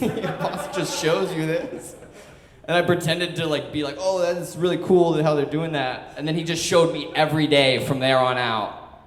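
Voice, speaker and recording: A young man in his twenties telling a story on stage, loose and chatty, full of "like" and laughs. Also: medium pitch. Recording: echoey hall.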